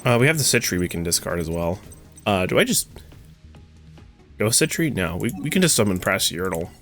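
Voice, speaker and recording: A man's voice: low-pitched, very animated, a little fast, a bit bright, faint music behind. A young man commentating his own card game play, ranting and swearing as his frustration builds. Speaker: gaming streamer. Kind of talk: gameplay commentary.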